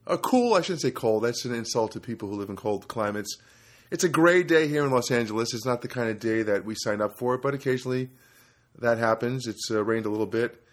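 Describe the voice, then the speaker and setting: A middle-aged man from New Jersey hosting a casual solo podcast from his apartment, rambling and interrupting himself as he tells stories. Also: medium pitch. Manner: rambling, self-interrupting storyteller. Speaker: podcast host. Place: studio apartment.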